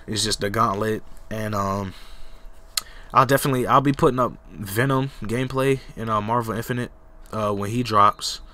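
A man's voice: lowish voice, moderate pace, pushed and bright. A young man from Jacksonville, Florida, sick and cracking, giving loose, profane, rambling commentary over his football game. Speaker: gaming YouTuber. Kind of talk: casual gameplay commentary.

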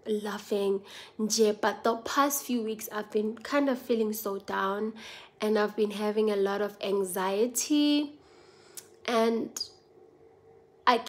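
A woman with a South African accent, talking to her viewers in an earnest, confiding personal vlog. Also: medium pitch. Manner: earnest, confiding, mixes languages. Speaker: vlogger.

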